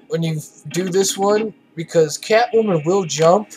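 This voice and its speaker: A man talks over his gameplay in an unhurried, drawn-out ramble, his voice sitting a little on the high side. He sounds tired and swears freely, opinionated as he goes. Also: a little mellow, faint music behind. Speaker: let's play gamer. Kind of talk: casual gameplay commentary.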